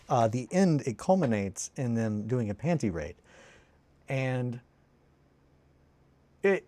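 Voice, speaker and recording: This streamer has a mid-range voice and the recording carries no room sound. He rambles animatedly while working on a hobby live, responding to chat and slipping into lines quoted from cartoons.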